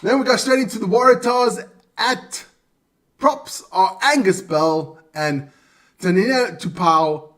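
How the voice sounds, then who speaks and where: A man's voice: high-pitched, slow, a bit bright, distant mic. A man hosting a live stream alone, chatting casually and stumbling over hard player names.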